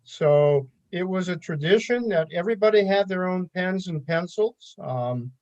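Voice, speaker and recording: An older man with a high voice reminisces in a relaxed, unhurried way about his working years. His audio comes through a bit dull and lo-fi, as over a remote call. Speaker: retired forecaster, guest. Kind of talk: casual recollection on a podcast.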